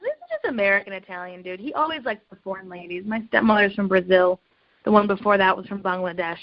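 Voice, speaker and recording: A woman's voice: mid-range voice, fast, no room sound. A woman in her thirties, a comedian guest, chatting and telling stories in a casual interview. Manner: chatty, laughing storyteller. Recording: dull lo-fi dry podcast audio.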